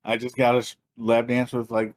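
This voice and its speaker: A man co-hosting a podcast, telling a story in casual chat, animated and profane, laughing and acting out other people's voices. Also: mid-range voice, moderate pace. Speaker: podcast co-host.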